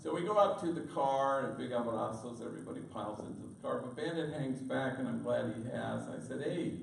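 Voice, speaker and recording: A man gives a public talk in a storytelling manner, dropping in Spanish words here and there. His voice has a gravelly edge. It sounds far from the mic and echoes around a big room. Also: mid-range voice, lively intonation, brisk. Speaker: priest giving a public talk. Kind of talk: storytelling speech. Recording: distant echoey room recording.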